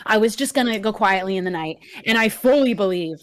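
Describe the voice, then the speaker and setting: Young woman, casual chat, firm, reflective, mid pitch. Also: animated, a little fast, a bit bright.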